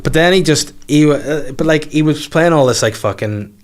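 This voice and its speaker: A man hosting a comedy podcast, telling stories quickly and swearing often. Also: a little high. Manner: rapid storytelling, loud swearing. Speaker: podcast host. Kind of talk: casual comedy chat.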